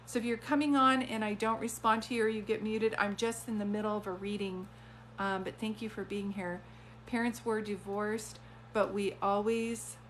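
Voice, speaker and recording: A woman's voice: mid-range voice, fairly bright tone, slight background noise. A woman working as a psychic medium, giving an earnest, conversational reading on a live stream. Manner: earnest, conversational, relays messages.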